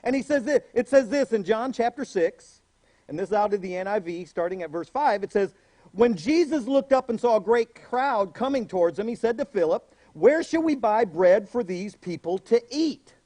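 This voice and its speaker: A man pastor preaching a sermon, animated, acting out voices in the story he tells. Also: sits high, normal speed, no room sound.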